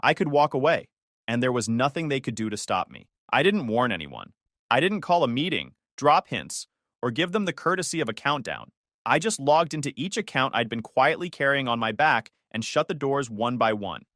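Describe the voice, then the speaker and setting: A man reads a scripted first-person story in a bitter, matter-of-fact tone. His pitch sits in the middle but moves around a lot. The sound is dry and close. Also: very animated, normal speed, fairly bright tone, no room sound.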